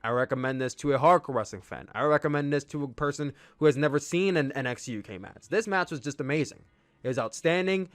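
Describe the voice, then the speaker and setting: Excitable man hosting a wrestling podcast. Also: a little high, fast talker, dry recording. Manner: enthusiastic, rambling with restarts. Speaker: podcast host. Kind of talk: casual wrestling review.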